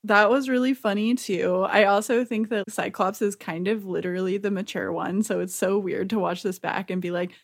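A young woman with a mid-pitched voice talks over a cartoon with a friend. Her remarks are wry and dry, and she laughs along easily. The talk is loose and unscripted. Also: steady tone, normal speed, hardly any pauses. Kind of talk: casual chat recapping a cartoon.

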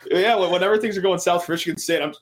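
A young man hosting a casual sports podcast over a call, excitable and jokey, laughing often. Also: high-pitched, rapid-fire. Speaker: podcast host.

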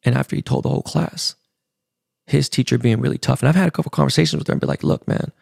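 A man's voice: mid-range voice, rapid-fire, gravelly, darkish tone, no room sound, clean studio sound. A middle-aged man hosting a podcast, telling a personal family story in a candid, emotional way with casual profanity. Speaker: podcast host.

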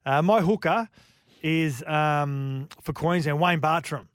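A man's voice: fairly high pitch, slow pace, dry recording, clean studio sound. A man with an Australian accent hosting a sports radio show, telling rugby league stories and reading out listener texts. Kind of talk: casual sports radio chat.

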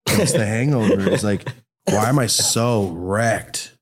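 Young man, low-pitched, laid-back, rambling, casual chat. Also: slow, husky. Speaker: podcast guest, product maker.

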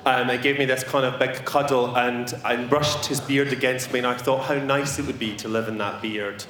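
A man hosts a live podcast event on stage, playful and joking as he introduces a guest. The roomy venue gives his voice a clear echo. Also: medium pitch, steady tone, fairly quick, few pauses, fairly bright tone. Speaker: podcast host.

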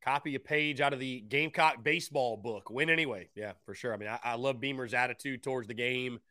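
An upbeat male sports talk host taking calls and reading listener comments. His voice is bright and crisp, and he often repeats a phrase to hammer it home. The sound is dry and close. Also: mid-range voice, brisk, no echo. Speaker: sports radio show host.

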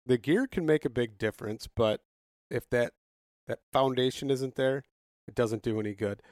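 A man's voice: medium pitch, moderate pace, darkish tone, dry recording. Laughing, chatty male podcast host. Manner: chatty storyteller, laughs often. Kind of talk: casual chat.

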